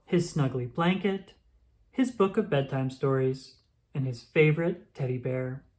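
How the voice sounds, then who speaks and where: A woman reading a children's picture book aloud, expressive and slow. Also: a bass voice. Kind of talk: storybook read-aloud.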